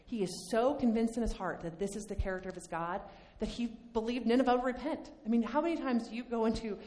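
A woman teaching a Bible study lesson in a conversational, animated way, acting out the lines she quotes. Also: fairly high pitch, quick pace. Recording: long hall reverb.

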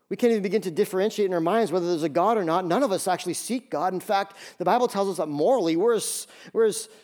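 A man's voice: high voice, a little mellow. A man preaching a sermon as pastor, emphatic, repeating phrases and acting out bits of dialogue. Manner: acts out dialogue in quotes.

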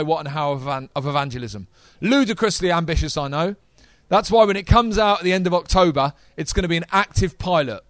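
A man preaching a sermon to a live congregation, energetic and talking straight to the audience. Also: a little high, no room sound.

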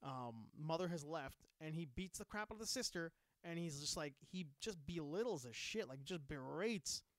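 A man in casual chat about comics and films, animated and swearing freely, acting out little quotes. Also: a little high, normal speed, no echo, clean studio sound.

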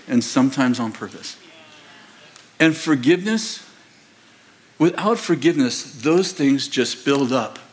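Animated storytelling male pastor. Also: mid-range voice. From United States. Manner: animated storyteller, laughs often, acts out voices. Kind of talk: sermon with storytelling. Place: large church auditorium.

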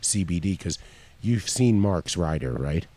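Deep-voiced man joking dryly. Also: expressive, a little slow, dark tone. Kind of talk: casual chat.

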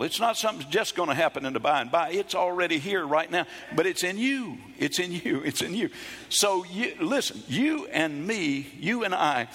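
A middle-aged man preaching a sermon, emphatic and repetitive, rising into sudden shouts. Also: fairly high pitch, big-room sound. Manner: emphatic preaching, repeats phrases, bursts into shouts. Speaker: pastor. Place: church.

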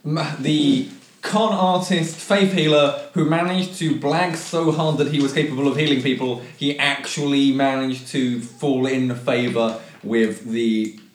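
A man explaining his tabletop character in halting, hesitant phrases. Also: medium pitch, fairly even intonation. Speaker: player. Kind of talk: casual tabletop game chat. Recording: echoey room with faint noise.

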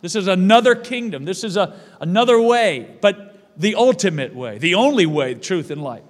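A man's voice: high voice, expressive, normal speed, long reverb tail. A male pastor delivering a sermon in a church, emphatic and repeating his phrases for weight.

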